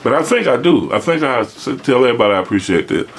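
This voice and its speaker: A man's voice: medium pitch, big pitch swings, fast. A man hosting a casual chat in a basement, laid-back and chatty, laughing often. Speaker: host.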